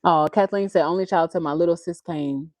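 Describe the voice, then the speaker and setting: A woman's voice: lowish voice, brisk, a little mellow, no room sound. A woman, chatting casually on a livestream, laughing often and reading viewer comments aloud. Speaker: livestream host.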